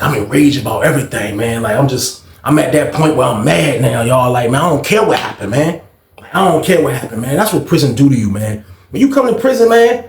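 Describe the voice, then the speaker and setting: Young man, slangy storyteller who acts out every voice; slightly high pitch, roomy echo. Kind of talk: casual storytime monologue.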